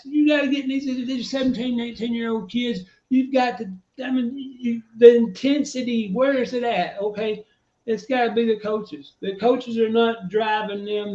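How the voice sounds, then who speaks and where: A man's voice: extremely high pitch, darkish tone. A man, ranting about football on a fan talk show, fired up and cursing. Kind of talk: heated sports fan talk. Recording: echoey, dull lo-fi.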